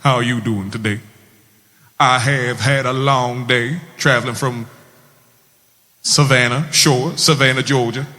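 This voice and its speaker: A man's voice: mid-range voice, fairly even intonation, a little slow, long pauses, pushed and bright, long reverb tail. A Nigerian man voicing a polite but defiant southern man with a put-on Southern US accent. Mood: mannerly.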